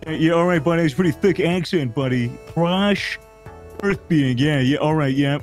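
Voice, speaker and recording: High-voiced man doing blustering cop bravado. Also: moderate pace, faint music behind. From United States. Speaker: player role-playing a police officer. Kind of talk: game role-play banter.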